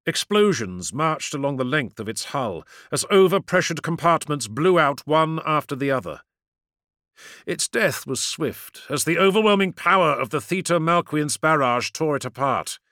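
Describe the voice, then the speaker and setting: Bright, animated male audiobook narrator. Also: fairly high pitch, moderate pace, dry recording, clean studio sound. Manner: dramatic, vivid battle narration.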